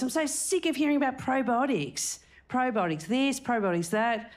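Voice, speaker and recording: A woman's voice: on the low side, expressive, a little fast. A woman in her forties doing live stand-up comedy, brash and crude as she teases the crowd. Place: stage before a live audience. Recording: live show with audience noise.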